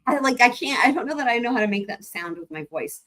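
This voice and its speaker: A woman's voice: fairly high pitch, lively intonation, fast talker, a bit bright. A woman hosting a live stream, chatting casually and laughing while reacting to trial footage, swearing freely.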